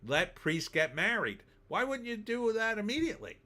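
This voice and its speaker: A man's voice: high voice, sing-song, moderate pace, sharp tone. A middle-aged man from New Jersey hosting a casual live stream, reading viewer comments aloud and answering them with sarcastic asides. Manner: chatty, sarcastic, reads chat comments aloud. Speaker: livestream host reading viewer chat.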